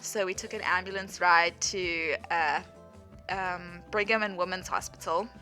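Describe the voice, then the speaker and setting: A woman's voice: on the low side, steady tone, measured pace, bright, forceful tone. A young woman in her twenties, chatting through a storytime voice-over with lots of "like" and frequent laughter. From South Africa. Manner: chatty, lots of "like", laughs often while telling. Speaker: vlogger. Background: faint background music.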